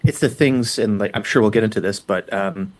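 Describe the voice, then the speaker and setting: A man's voice: lowish voice, brisk. A man from Buffalo, New York, a guest dog trainer telling stories in casual podcast chat, swearing freely. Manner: profane, storytelling.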